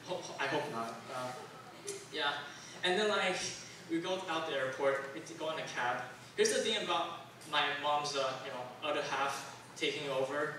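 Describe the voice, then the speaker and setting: A man's voice: fairly high pitch, noisy background. A young man from Taiwan doing a stand-up comedy set, rambling and self-deprecating with lots of fillers, on a club stage. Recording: very echoey room, distant mic.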